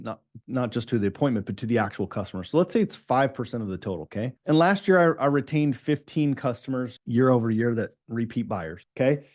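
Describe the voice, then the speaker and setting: A fast-talking middle-aged man coaching business owners in a live online session. His voice is dark and mellow, and he sits in an average, unremarkable pitch range. He keeps checking in with the audience as he goes.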